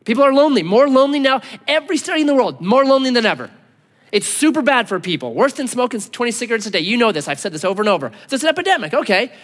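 A man in his thirties preaching a sermon, telling a story with lively voices, then dropping to quiet, earnest tones. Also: very high voice, rapid-fire. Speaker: pastor. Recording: long hall reverb.

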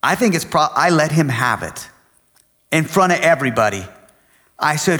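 A middle-aged male pastor preaching in a church, his voice sitting a bit high for a man. He tells stories with lively, animated energy and bursts into loud acted-out lines. The sound carries a long reverb from a big hall. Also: moderate pace, long pauses. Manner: animated storytelling, acting out shouted quotes. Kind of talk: sermon with personal story.

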